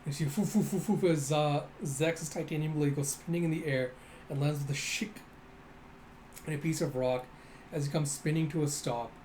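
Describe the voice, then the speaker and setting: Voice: medium pitch, normal speed, a little hiss or hum. Brief: chatty readthrough host, playful, mimics the sound effects. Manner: animated, laughs often, mimics sound effects. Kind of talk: casual comic readthrough.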